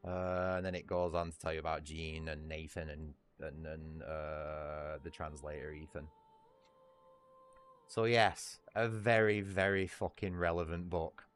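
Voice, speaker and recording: A man's voice: extremely low pitch, flat delivery, a little slow. A man with a northern Lancashire accent chatting casually on a livestream, rambling, swearing freely and laughing at himself. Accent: northern English, Lancashire.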